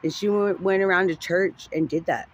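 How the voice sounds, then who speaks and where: A man's voice: high-pitched, steady tone, normal speed, dull audio. A man telling a heated personal family story, rambling and profane, full of fillers and restarts.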